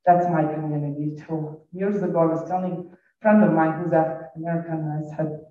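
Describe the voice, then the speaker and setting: A man's voice: on the high side, little pitch movement, a little fast, mellow. A middle-aged man with a foreign accent, a school staff member responding at a community forum in a personal, rambling storytelling way. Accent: foreign accent, non-native English. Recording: echoey hall, distant dull mic.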